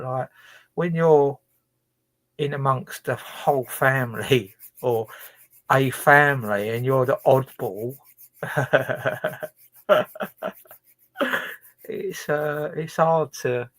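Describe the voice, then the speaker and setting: A man's voice: medium pitch, fairly bright tone, dry recording. A man chatting casually on his livestream, rambling and hesitant, swearing heavily as he talks. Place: his own boat.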